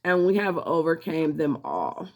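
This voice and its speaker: A woman's voice: deep voice, big pitch swings, unhurried. A woman vlogger chatting casually and candidly to her viewers, swearing freely and laughing often, with a scratchy throat. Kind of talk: casual chat to camera.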